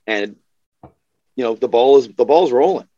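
A man's voice: mid-range voice, animated, normal speed, mellow, no echo, lo-fi sound. A man guest on a podcast, talking earnestly and with worry in casual conversation. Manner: earnest, worried.

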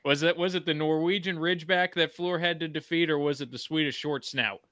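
A man hosting a casual chat podcast, animated and jokey, sprinkling his talk with "you know". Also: fairly high pitch, a little fast, dry recording, clean studio sound. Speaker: podcast host.

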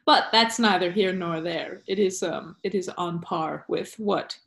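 A woman's voice: fairly low pitch, a little slow, gravelly, fairly bright tone. A woman hosting a podcast in casual chat, rambling and laughing as she jumps between stories. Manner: rambling, laughing, self-interrupting. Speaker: podcast host.

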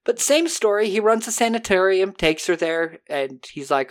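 Brief: casual podcast host, mid-pitched, lively recap with quick put-on voices, swears freely. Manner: animated retelling with quick put-on character voices, profane.

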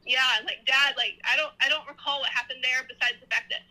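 A woman's voice: sits high, fairly even intonation, brisk, pushed and bright, poor audio. A woman in her thirties, a podcast guest, telling a personal story in a casual, rambling way with many restarts.

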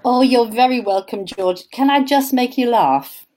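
A woman, a pronunciation teacher, chatting in a radio interview and explaining clearly. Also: fairly high pitch, unhurried, a little mellow.

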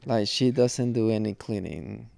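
A man's voice: lowish voice, unhurried, creaky, a little mellow. A man on a podcast, telling a story in a rambling, circling way full of restarts, close to a studio microphone. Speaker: podcast co-host. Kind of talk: casual storytelling chat.

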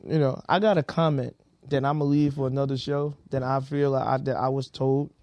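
A man co-hosting a podcast in casual chat, animated and prone to repeating himself. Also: mid-range voice, brisk, dry recording. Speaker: podcast co-host.

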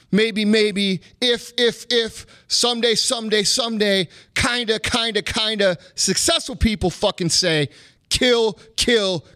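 A man's voice: high voice, fairly bright tone, dry recording, studio quality. A middle-aged American man hosting a podcast, delivering a profane, emphatic motivational rant with punchy repetition. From United States. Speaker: podcast host.

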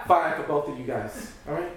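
A man acting out a whiny 47-year-old daughter who never left home, high-pitched and lively, laughing through her complaints. The voice sits far from the mic in a very echoey room with clear background noise. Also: exaggerated voice. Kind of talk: improvised comedy sketch.

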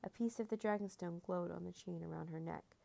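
Gravelly-voiced woman reading a storybook. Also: on the low side, fairly quick, mellow. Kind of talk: reading a children's chapter book aloud.

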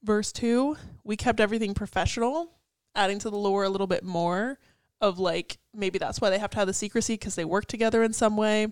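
A woman's voice: mid-range voice, a little fast, few pauses, clean tone, dry recording. Young woman co-host, mid voice, dry close sound, rambling casual lyric chat. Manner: chatty, peppered with "like", casual swearing.

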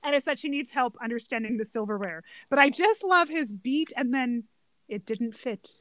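A woman with a high voice co-hosts a casual podcast chat, laughing often and acting out the lines she quotes. The sound is close and dry. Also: a little fast, a bit bright, no echo. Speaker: podcast co-host. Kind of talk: casual chat about a film.

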